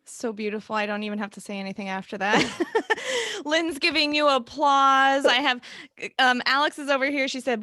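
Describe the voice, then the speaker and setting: A woman's voice: high-pitched, lively intonation, normal speed, bright, forceful tone, no echo, studio quality. A woman hosting a casual interview, bubbly and effusive, laughing often. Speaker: host.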